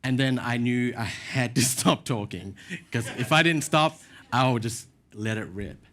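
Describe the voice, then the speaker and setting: Male pastor, mid-pitch, chatty sermon storyteller, pokes fun at himself. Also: measured pace, a bit bright. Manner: casual storytelling with self-deprecating asides. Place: church.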